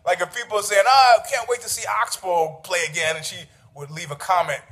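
A man with a notably high-pitched voice rants through a story in casual, profane style. He is sarcastic and needling, and often laughs at his own jokes. He sounds middle-aged. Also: brisk, a bit bright.

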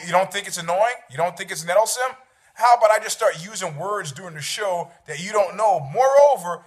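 New guy ranting about fights, sarcastic, swears a lot, kinda high voice. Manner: rambling, sarcastic, swears freely, many restarts. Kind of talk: casual chat about fights.

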